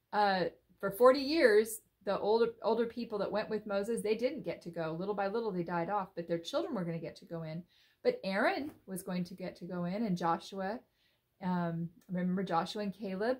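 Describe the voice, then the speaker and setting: A woman telling a Bible story to children in an animated, expressive way, often asking her listeners questions. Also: mid-range voice, moderate pace.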